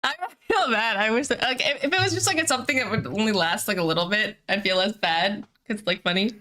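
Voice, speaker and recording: Bright, giggly woman streamer. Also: mid-range voice, fast. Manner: giggly, rambling with many fillers. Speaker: streamer and host. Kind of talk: casual live-stream chat. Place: at home.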